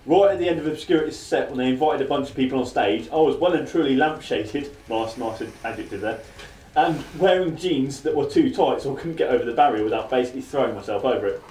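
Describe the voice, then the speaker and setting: A man in his thirties, hosting a casual chat show and telling self-mocking stories at a quick clip. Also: medium pitch, darkish tone, slight background noise. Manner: fast, chatty, self-mocking anecdotes. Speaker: podcast host. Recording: roomy sound from a distant mic.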